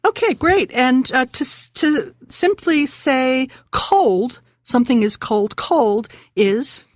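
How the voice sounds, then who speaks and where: Female language teacher on radio, slightly high and dry-sounding, patient and repetitive. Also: lively intonation, no room sound. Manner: patient teacher, slows and repeats words. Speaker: language lesson host.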